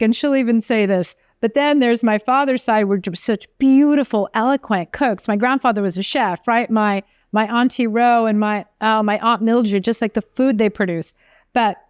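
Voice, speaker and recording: A woman's voice: a little high, clean tone, dry recording, clean studio sound. A woman chef co-hosting a podcast, telling rambling family food stories in casual chat. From from an Italian American family. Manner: chatty, animated storyteller, trails off mid-sentence.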